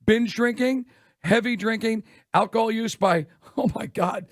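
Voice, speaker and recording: A man co-hosting a sports radio show, telling stories quickly and laughing often. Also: high voice, dry recording, clean studio sound. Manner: rapid storytelling, laughs often. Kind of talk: casual radio chat.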